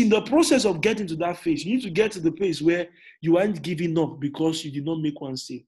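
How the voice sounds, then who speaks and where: A Nigerian man in his thirties giving a motivational talk, emphatic and repetitive, dropping quiet then shouting. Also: high-pitched. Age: 30s. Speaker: motivational speaker. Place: indoors in an air-conditioned room.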